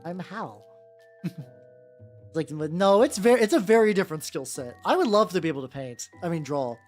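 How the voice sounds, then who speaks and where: A woman with a gentle, relaxing voice chatting casually on a stream while painting miniatures, rambling with lots of restarts and casual swearing. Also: on the low side, expressive, moderate pace. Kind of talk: casual chat. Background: faint background music.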